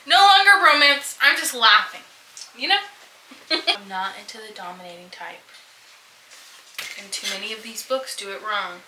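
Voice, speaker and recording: A young woman book vlogger chatting casually and reading romance excerpts aloud in a mocking, animated way, laughing often. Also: fairly high pitch, normal speed, long pauses, reverberant, background noise.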